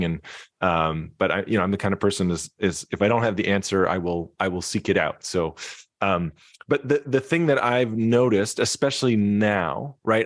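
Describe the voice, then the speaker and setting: A man's voice: lowish voice, no echo, studio quality. A man, a musician and speaker, reflecting as a podcast guest, with many restarts and fillers. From Canada. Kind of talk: casual interview talk.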